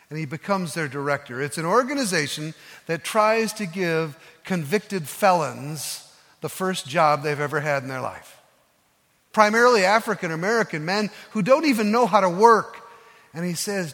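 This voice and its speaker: Male pastor, sermon, earnest storyteller with slow soft emphases, high voice, church reverb. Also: expressive. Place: church sanctuary.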